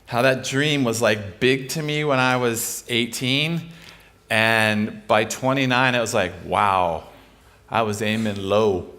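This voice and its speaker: A man's voice: fairly low pitch, steady tone, takes it slowly, pushed and bright. Middle-aged guy preaching, casual and joking, storytelling, lots of restarts. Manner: informal, humorous, storytelling, frequent restarts. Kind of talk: conversational sermon.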